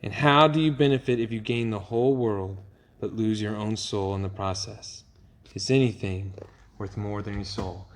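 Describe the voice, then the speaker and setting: A man teaching a youth group in a casual, animated storytelling way, laughing often and using casual fillers. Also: lowish voice, normal speed. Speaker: youth pastor.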